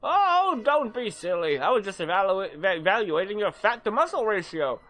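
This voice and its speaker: Pompous lecherous old headmaster for a game read-along, put on by a man. Theatrical, mock-formal, pitched high. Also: sing-song, moderate pace, bright, forceful tone, faint music behind, full character voice. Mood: smug.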